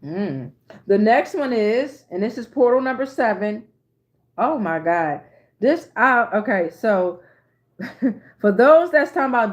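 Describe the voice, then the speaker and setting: A woman's voice: on the high side, lively intonation, measured pace. Chatty, cursing woman tarot reader. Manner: chatty, profane, keeps asking "right?". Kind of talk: casual reading to viewers.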